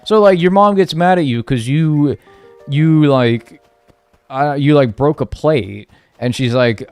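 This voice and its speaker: A man's voice: a little high, lively intonation, measured pace, pauses often, darkish tone, smooth, faint music behind. A man streaming a video game, chatting casually with his viewers and ranting in mock seriousness. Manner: talks to chat, mock-serious rants. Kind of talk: casual livestream chat.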